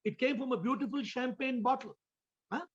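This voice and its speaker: A male spiritual teacher leads a question-and-answer talk over a video call, often repeating words and posing questions to his listeners. His voice is extremely high-pitched and a little fast, with the high frequencies cut off.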